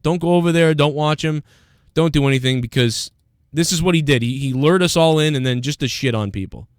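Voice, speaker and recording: A man's voice: on the high side, brisk, clean tone, no room sound, studio quality. A man hosting a livestream, ranting in an aggrieved tone and reading out chat comments. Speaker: livestream host.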